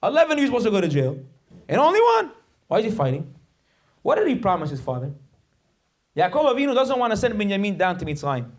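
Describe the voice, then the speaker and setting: A man's voice: sits high, huge pitch swings, fast, pauses often. A male rabbi giving a sermon, emphatic and dramatic, telling stories and acting out the voices in them. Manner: acts out quoted voices.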